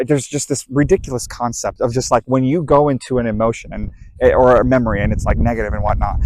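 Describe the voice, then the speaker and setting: A man's voice: medium pitch, a little mellow, dry recording, rough recording. A man giving a heated, blunt, profanity-laced motivational talk about emotional processing. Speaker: self-help speaker. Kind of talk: motivational monologue.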